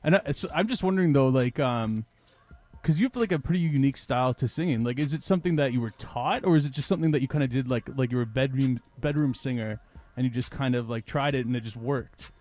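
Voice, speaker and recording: A man's voice: mid-range voice, fast talker, a little mellow, faint music behind. A man with a Canadian accent hosting a radio interview, chatty and laid-back. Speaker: radio host.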